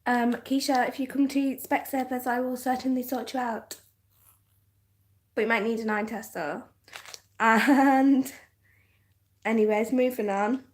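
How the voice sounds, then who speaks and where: A young woman from northern England with a softened English accent, chatting casually on a livestream, giggly and full of "like" fillers. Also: fairly high pitch, steady tone, a little slow, long pauses. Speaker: livestream host. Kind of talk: casual livestream chat reading comments.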